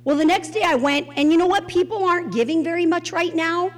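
A woman teaching a Bible study in an expressive, conversational way, putting questions to her listeners. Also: very high voice, fairly quick, low-quality recording.

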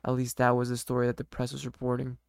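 A man narrating a dark scripted story in a measured, steady reading voice. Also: medium pitch, gravelly, clean tone, no room sound, studio quality.

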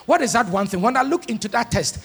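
A pastor preaching a sermon, moving from soft asides to shouted, sung-out lines. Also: male voice, very high voice, sing-song, fast, gravelly, husky. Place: large church hall. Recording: long church hall reverb.

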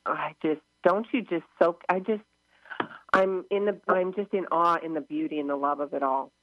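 A woman's voice: sits low, normal speed, no echo. A woman hosting a radio talk show, chatting casually and gushing, often laughing and acting out quoted voices. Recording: narrow phone-line sound, dry.

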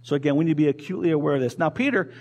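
A man's voice: fairly high pitch, very fast, darkish tone. A male pastor preaching a sermon in a conversational way, asking the congregation questions and repeating key phrases. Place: church.

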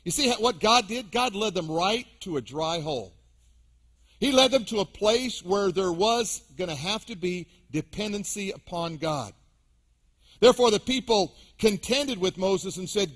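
A man's voice: sits high, expressive, normal speed, a bit bright. A man preaching a sermon as pastor to his congregation, with emphatic rises and drops. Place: church sanctuary.

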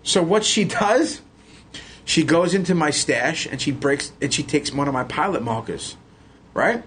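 A man, a podcast guest telling animated, profane stories and laughing as he goes. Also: on the high side, unhurried, slight background noise. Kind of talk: casual storytelling.

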